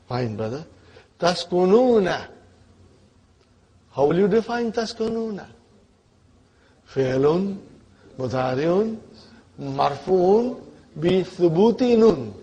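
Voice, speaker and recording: A man's voice: a little high, mellow, breathy edge, highs cut off. A man teaching an Arabic grammar lesson, quizzing his students and checking often whether they are following along. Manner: patient, repeats terms slowly.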